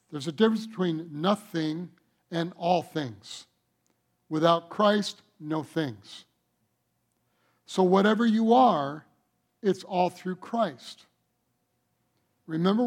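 Guy pastor preaching slow, high voice, keeps asking the crowd questions. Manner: emphatic preaching with rhetorical questions. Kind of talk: sermon.

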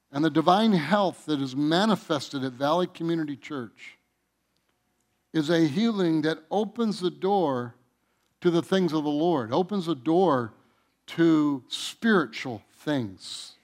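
A male pastor delivering a sermon in church, preaching with passion, building to loud emphatic runs and repeating phrases. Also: fairly high pitch.

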